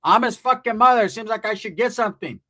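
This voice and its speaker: A man's voice: sits high, quick pace, pushed and bright, pitched above the performer's own voice. A man playing a bossy, foul-mouthed aunt. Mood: greedy. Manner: bossy, profane, complaining. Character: foul-mouthed, money-hungry middle-aged aunt and mother.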